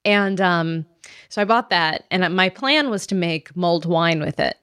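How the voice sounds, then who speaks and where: A woman co-hosting a podcast in casual chat, playful and quick to laugh, talking into a studio microphone. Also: on the low side, fairly bright tone, smooth, dry recording. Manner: bubbly, laughs often, playful. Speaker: podcast co-host.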